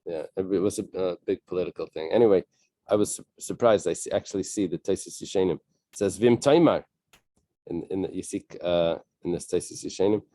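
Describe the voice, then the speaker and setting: Man, Talmud class leader, low voice, halting casual explaining, reads then translates, dry close mic. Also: warm tone, no room sound. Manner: reads Aramaic then translates, with frequent fillers and restarts; casual, thinking aloud.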